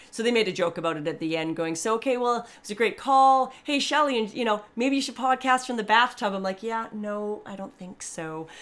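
Podcast host, woman, a touch low in pitch, candid rambling monologue with lots of asides. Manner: chatty, rambling, with many restarts and asides; warmly earnest and grateful.

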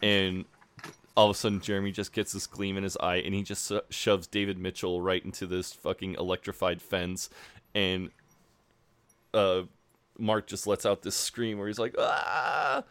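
A man's voice: low voice, little pitch movement, moderate pace, a bit bright, clean tone, no room sound. A man co-hosting a podcast in casual chat, recapping a TV episode with jokes and plenty of swearing. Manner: joking, swears freely. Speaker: podcast co-host.

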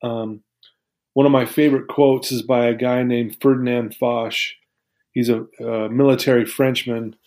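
A man's voice: medium pitch, little pitch movement, moderate pace, dark tone. A man as an interview guest, telling a personal story in an earnest, heartfelt, reflective way.

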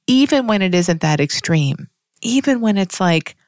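A woman giving a reflective spiritual monologue, musing aloud with frequent restarts and soft laughs. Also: mid-range voice, animated, normal speed, no echo, studio quality.

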